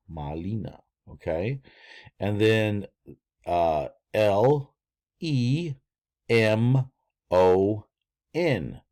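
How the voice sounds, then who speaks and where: Older guy with a really low voice, rambly teacher, lots of ums. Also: a little mellow. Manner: rambling, many fillers and restarts. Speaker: language teacher. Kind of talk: casual screen-share lesson.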